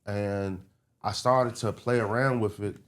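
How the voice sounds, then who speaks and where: Low-pitched male comedian from the Baltimore and DC area, loose, animated podcast storyteller. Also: measured pace. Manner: animated, slips into city accent impressions. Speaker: comedian guest.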